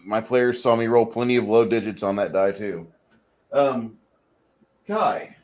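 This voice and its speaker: A man who runs tabletop games, chatting on a podcast as an animated storyteller who swears casually. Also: lowish voice, measured pace. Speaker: game master.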